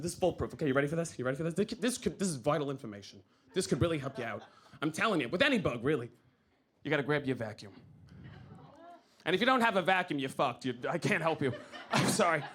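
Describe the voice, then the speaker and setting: A stand-up comedian from New York with a New York accent, telling a story in an animated, loud way with shouted outbursts. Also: male voice, fairly high pitch, slightly rough. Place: comedy club stage. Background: audience laughter.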